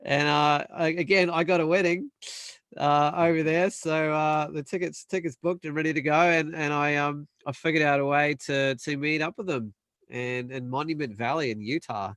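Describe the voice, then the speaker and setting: Young man, animated storyteller, tone on the higher side, dry and close-miked. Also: no echo. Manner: animated storyteller, acts out quoted voices, quick bursts. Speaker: panel guest. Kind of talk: casual storytelling.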